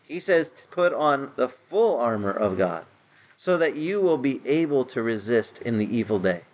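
A middle-aged man preaching in a conversational sermon style, his voice climbing higher when he stresses a point. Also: animated, normal speed. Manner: conversational preaching, rises in pitch for emphasis. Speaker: pastor.

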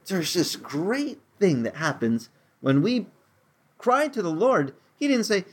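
A man's voice: sing-song, takes it slowly, husky. Earnest male pastor preaching conversationally. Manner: conversational, rising in pitch when stirred, repeats words. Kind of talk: sermon.

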